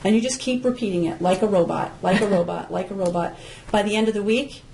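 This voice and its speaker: A woman's voice: medium pitch, quick pace, gravelly, a little mellow, slight background noise, low-quality recording. A woman parent coach speaking as a podcast guest, earnest and given to repeating her key points. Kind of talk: podcast interview.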